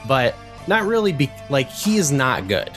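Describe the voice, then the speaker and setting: A man's voice: mid-range voice, very animated, normal speed, fairly bright tone, faint music behind. A man co-hosting a podcast in casual chat, rambling with lots of fillers. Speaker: podcast co-host.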